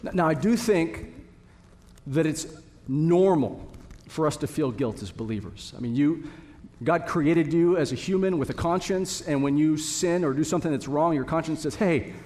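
A man's voice: fairly high pitch, lively intonation, moderate pace, darkish tone. A man preaching a sermon to his congregation, earnest and building to emphatic repetition. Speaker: pastor. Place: church sanctuary. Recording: long reverb of a hall.

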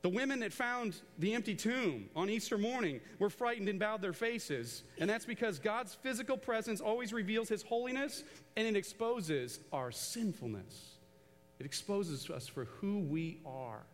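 A man preaching a sermon to a church congregation, animated and conversational, drawing the crowd into call-and-response. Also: high-pitched, moderate pace, big-room sound. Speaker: pastor. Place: large church auditorium.

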